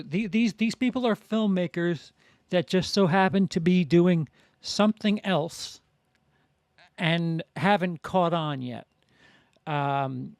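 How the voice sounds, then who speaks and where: Slow, halting, gravelly-voiced man. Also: on the high side, no room sound, studio quality. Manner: halting, many restarts and fillers. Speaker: film reviewer and vlogger. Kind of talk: casual spoken review.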